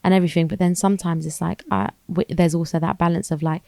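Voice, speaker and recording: Low gravelly woman, rambling chat. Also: steady tone, brisk, warm tone, no room sound. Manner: rambling, thinking aloud with restarts. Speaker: podcast co-host. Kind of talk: casual chat.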